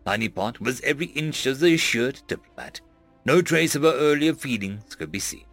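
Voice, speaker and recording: A man's voice: medium pitch, lively intonation, moderate pace, a bit bright, no room sound, soft background music. A man narrating a science fiction story in an audiobook style.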